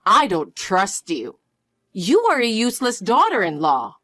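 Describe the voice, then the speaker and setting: A woman voicing a harsh, scornful mother-in-law who talks in a slow, cold, cutting way. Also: medium pitch, big pitch swings, fairly bright tone, no room sound, clean studio sound. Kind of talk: dramatized story dialogue.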